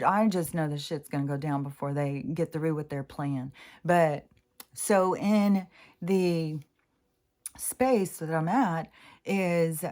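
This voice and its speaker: A woman speaking in a casual spiritual monologue, rambling and interrupting herself as she tells a story. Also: sits low. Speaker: spiritual vlogger. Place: home near mountains in Washington State.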